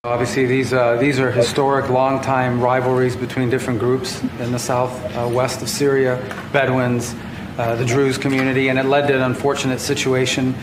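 A man's voice: medium pitch, completely flat delivery, normal speed. A man, a government official, gives a press statement with a careful delivery. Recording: roomy clip with background noise.

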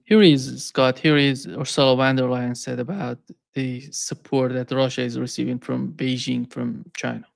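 A man hosting an interview, asking measured, halting questions. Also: mid-range voice, fairly even intonation, creaky. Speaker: interview host.

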